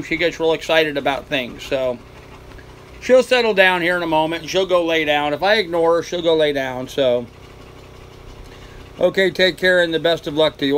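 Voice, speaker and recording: A man's voice: on the high side, fairly bright tone, rough recording. An older man from the United States, hosting a live stream from his boat cabin and answering viewer comments in an easygoing way. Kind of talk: casual live-stream chat. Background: faint fan noise.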